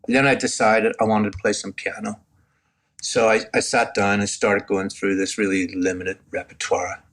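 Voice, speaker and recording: A man, a podcast guest candidly telling his personal testimony with halting restarts and self-deprecating asides. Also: on the low side, little pitch movement, a bit bright. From Northern Ireland.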